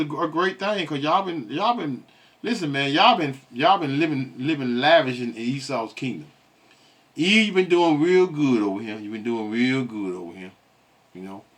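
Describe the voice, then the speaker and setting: A man's voice: mid-range voice, fairly bright tone. A man giving casual, rambling reaction commentary on a video, stumbling over his words and mocking.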